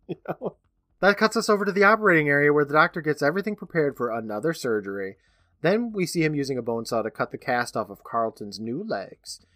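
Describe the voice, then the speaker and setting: A man's voice: medium pitch, dry recording. A man co-hosting a podcast, recapping an episode in casual chat, acting out lines and laughing often. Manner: animated storyteller, laughs often, acts out lines. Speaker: podcast co-host.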